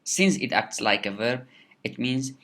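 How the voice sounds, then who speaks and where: A man giving a recorded lecture, halting with many fillers and repeated words. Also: mid-range voice, lively intonation, sharp tone. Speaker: English lecturer.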